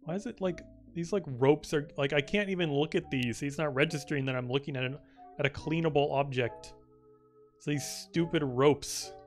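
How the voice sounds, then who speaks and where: An excitable young male streamer riffs loosely over his gameplay, swearing freely and packing his speech with "like". His voice sits a little higher than most men's, and faint music plays underneath. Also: normal speed. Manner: excitable, rambling, swears often, many "like" fillers. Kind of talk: casual gameplay commentary.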